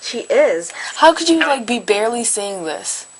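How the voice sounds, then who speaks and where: A woman's voice: on the high side, sing-song, moderate pace. A young woman on a phone call, blunt and scornful as she gossips.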